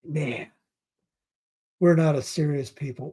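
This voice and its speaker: With a fairly high, expressive voice, a darkish tone, and a moderate pace, this middle-aged host from North Carolina runs a laid-back news commentary show. He sarcastically reads out headlines and ridicules them, drifting into rambling asides as he looks for clips.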